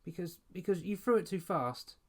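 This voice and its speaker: A man's voice: expressive, normal speed, darkish tone, natural voice. A man voicing a whiny seven-year-old girl who screams and tattles. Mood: upset, shrill. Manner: shrill and whining.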